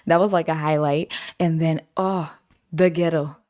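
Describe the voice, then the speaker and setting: Young woman, podcast host, casual storytelling, slightly low voice, laughs a lot, acts out quotes. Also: expressive, unhurried, a little mellow.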